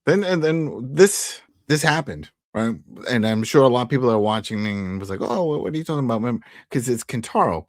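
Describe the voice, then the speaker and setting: A man co-hosting a casual TV recap show, jokey and animated, often acting out what the characters said. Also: medium pitch, no echo, clean studio sound. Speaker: podcast co-host.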